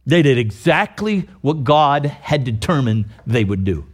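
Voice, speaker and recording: A man preaching a sermon, reading scripture slowly and emphatically, with sudden loud, exclaiming peaks. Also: medium pitch, big pitch swings, slightly rough. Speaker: pastor.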